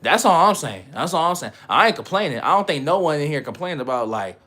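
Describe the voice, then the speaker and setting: Bright-voiced rambling male streamer. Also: on the high side, very animated, fast. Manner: rambling, slangy, laughs often. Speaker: livestreamer. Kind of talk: casual livestream chat.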